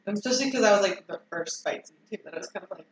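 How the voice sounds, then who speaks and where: A man's voice: high voice, very fast, echoey room, low-quality recording. A man in a casual movie review chat, giggling and acting out scenes. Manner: giggly, animated, acts out scenes. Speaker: podcast co-host.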